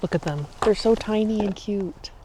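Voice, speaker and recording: A woman's voice: medium pitch, normal speed, background noise. A woman in her late twenties chatting casually as a vlogger, full of "like" and "um" fillers, eating a snack while she talks. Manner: chatty, loose, many "like" and "um" fillers. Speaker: vlogger and streamer. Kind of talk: casual chat. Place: outdoors, in a park.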